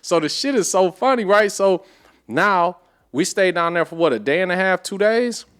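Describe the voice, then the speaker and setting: A man's voice: sits high, moderate pace, smooth. Slangy, profane man telling stories. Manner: animated, profane street slang. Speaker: podcast guest. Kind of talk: casual storytelling.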